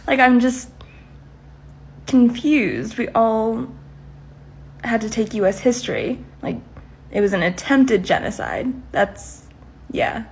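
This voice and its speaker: A woman's voice: on the high side, a little slow. A woman from New Mexico speaking in a wry, exasperated way about her experiences. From New Mexico, USA. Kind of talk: casual storytelling.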